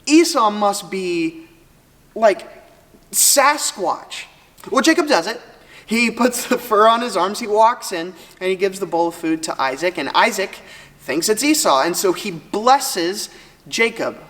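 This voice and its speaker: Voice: mid-range voice, unhurried. Casual storyteller in a reverberant hall. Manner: lively retelling with joking asides. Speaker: student ministry teacher.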